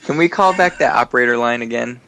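A man's voice: mid-range voice, fast talker, crowd noise, low-quality recording. Casting: everyday guy, eager and curious, loose banter. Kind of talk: casual group chat.

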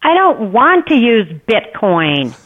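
A woman's voice: fairly high pitch, very animated, takes it slowly, a bit bright. Exasperated middle-aged woman on a tinny phone line. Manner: exasperated, insistent refusals. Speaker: prank call target. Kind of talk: phone call.

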